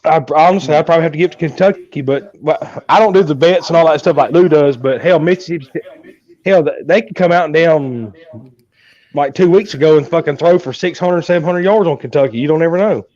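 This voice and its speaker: A man's voice: fairly high pitch, quick pace, a little mellow. Laid-back Southern man on a lo-fi call. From Georgia, US. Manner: laid-back, swears freely, calls people man. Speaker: guest. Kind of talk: casual chat.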